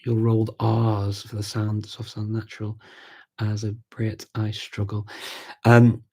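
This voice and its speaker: A man with a Scouse accent hosting a live chat, answering viewer questions in a relaxed way, thinking aloud with many pauses and restarts. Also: fairly low pitch. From Liverpool, England. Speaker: host of a live language chat.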